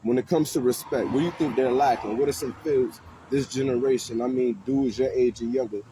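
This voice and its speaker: A man's voice: medium pitch, fairly quick. A man hosting street interviews, talking casually and animatedly in slang to people passing by outdoors. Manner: animated, slangy, talks to passersby. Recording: faint street noise outdoors.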